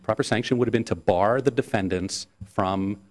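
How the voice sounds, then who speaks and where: A man's voice: fairly low pitch, moderate pace. A man arguing as an attorney before appellate judges, earnest and insistent, often repeating words as he presses his point. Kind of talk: courtroom oral argument.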